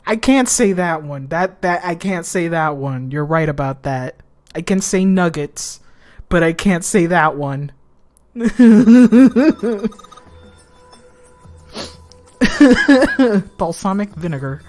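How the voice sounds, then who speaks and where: A woman streaming a game live, chatting casually and profanely, teasing a friend, repeating herself for emphasis and breaking into loud laughter. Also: fairly low pitch, expressive, extremely slow, pauses often, faint music behind.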